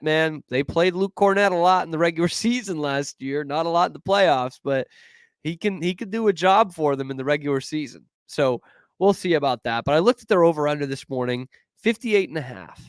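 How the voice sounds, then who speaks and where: A man hosting a casual sports talk show, animated and profane, with quick asides. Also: a little high, smooth, no room sound. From Boston area. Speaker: podcast host.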